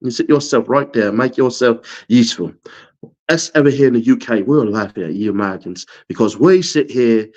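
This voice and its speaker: A man's voice: mid-range voice, normal speed, a little mellow, voice pushed down, natural voice. A man voicing a smug, posh British man who looks down on Americans with a prim, sneering tone. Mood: smug mocking. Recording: dull lo-fi audio.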